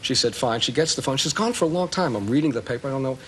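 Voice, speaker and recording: Man, talk show guest, animated storyteller, mid-pitched voice, faint tape hiss. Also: racing. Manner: animated storyteller, acts out both sides of phone calls. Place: TV studio with audience.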